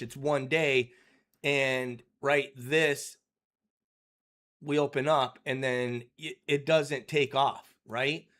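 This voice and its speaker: A man gives rambling, casual commentary on day trading over charts, filling his talk with "you know" and "right?" and often clearing his throat. His voice is medium-pitched and a bit bright.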